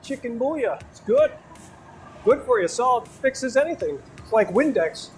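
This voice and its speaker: A man's voice: extremely high pitch, expressive, a little slow, slight background noise, voice pushed up. A man putting on an exaggerated folksy Wisconsin local with a Wisconsin accent. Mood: folksy cheery.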